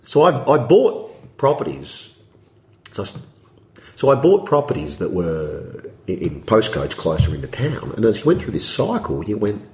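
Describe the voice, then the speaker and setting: A man's voice: on the low side, wildly swooping pitch, normal speed, darkish tone. A man talking as an interview guest, rambling through his points and acting out his own thoughts in quotes. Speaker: property developer, podcast guest. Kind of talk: conversational interview talk. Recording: roomy echo.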